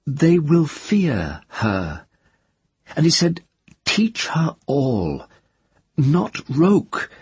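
A man's voice: on the high side, a little mellow, slightly rough, no room sound, voice pushed up, exaggerated voice. A man voicing an earnest, troubled middle-aged woman who pleads and falters.

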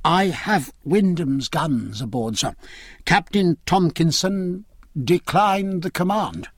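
Nervous young lieutenant, deferential, voiced by a man, husky tone. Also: a little high, animated, takes it slowly, no echo, clean studio sound, voice pushed up. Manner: hesitant, respectful.

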